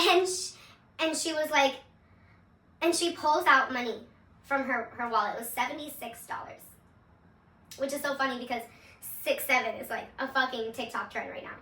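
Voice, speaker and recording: A woman's voice: high-pitched, moderate pace, pauses often, sharp tone, distant mic. A young woman from Seattle telling her personal testimony, candid and casual, swearing freely and laughing often. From Seattle, USA. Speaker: vlogger. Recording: echoey room, voice away from the mic.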